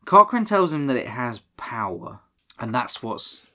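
Laid-back podcast co-host, animated delivery, giggly and sweary. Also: male voice, medium pitch, unhurried. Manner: laughs often, swears, acts out quoted lines. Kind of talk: casual film recap chat.

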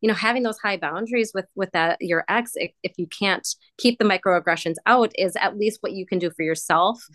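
A woman's voice: mid-range voice, a little fast, few pauses, fairly bright tone, no echo. Woman talking through ideas, dry sound. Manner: thinking aloud with many restarts and "you know". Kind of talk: casual chat.

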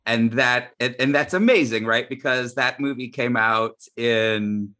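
A man's voice: mid-range voice, a little slow, bright, forceful tone. A man interviewing a guest, friendly, often laughing while he talks. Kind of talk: conversational interview.

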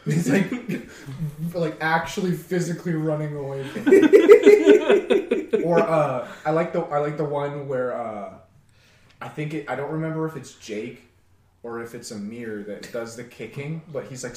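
A man's voice: on the high side, expressive, a little slow. A young man in casual chat, swearing freely and laughing as he retells comedy sketches. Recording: echoey room, far from the mic, crowd noise behind.

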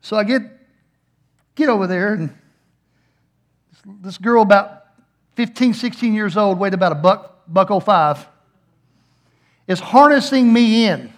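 A middle-aged man, a pastor preaching a sermon and telling a funny story with animated, playful acted-out voices. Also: sits high, unhurried, pauses often.

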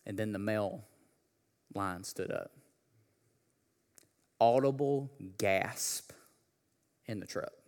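A man preaching a sermon, talking casually with slang, then building to a loud, impassioned delivery. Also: lowish voice, big-room sound. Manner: builds from conversational to shouting preacher intensity. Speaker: pastor.

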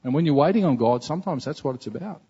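A male pastor preaches in an earnest, conversational way, circling back and repeating words as he talks. His voice sits a little high and sounds husky. It carries a long reverb and a dull, muffled tone from a large hall. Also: lively intonation, fast talker, mellow. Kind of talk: sermon.

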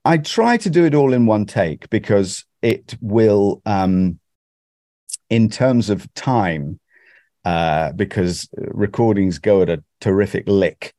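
A man's voice: sits low, mellow, no echo, clean studio sound. A man from Britain, a guest actor, chatting in an interview in a self-deprecating way with frequent restarts. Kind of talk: conversational interview.

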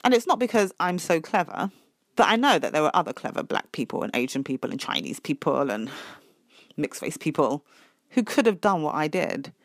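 A middle-aged woman, telling her own story as a parent in an emphatic, animated way. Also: deep voice, fairly quick, dry recording, studio quality. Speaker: parent sharing her experience. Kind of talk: personal podcast testimony.

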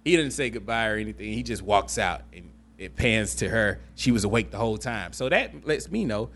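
A man's voice: on the low side, fairly quick. A man hosting a casual podcast, animatedly retelling a movie plot with jokes and frequent laughter. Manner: animated, joking, laughs often. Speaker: podcast host.

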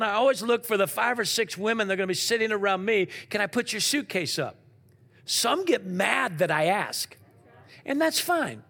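A man preaching a sermon, asking the congregation questions and swinging from loud to quiet. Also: high-pitched, gravelly. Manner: animated preaching with call-and-response questions. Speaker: pastor.

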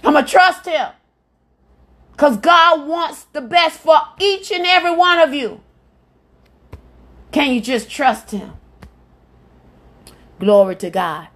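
A woman's voice: high voice, expressive, slow pace, pauses often, a bit bright. A woman hosting a devotional podcast, preaching fervently and repeating her phrases with cries of praise. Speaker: evangelist podcast host. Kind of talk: devotional sermon.

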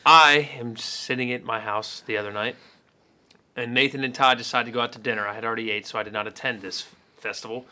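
A man's voice: mid-range voice, fairly even intonation, moderate pace, long pauses, pushed and bright. A man co-hosting a casual podcast, telling a funny story, swearing and laughing as he goes. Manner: joking storyteller, swears freely, laughs through his lines. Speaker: podcast co-host. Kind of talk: casual chat.

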